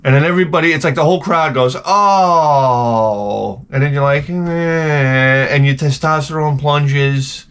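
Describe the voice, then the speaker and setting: A man ranting profanely in a rambling vlog monologue, exasperated, swinging between loud outbursts and low muttering. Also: steady tone, moderate pace, hardly any pauses. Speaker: vlogger.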